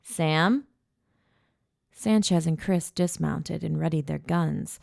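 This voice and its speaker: A woman narrates an audiobook in a measured, low-key voice. It sits low and gravelly with a dark tone. The recording is dry and close. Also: fairly even intonation, dry recording. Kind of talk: scripted first-person audiobook narration.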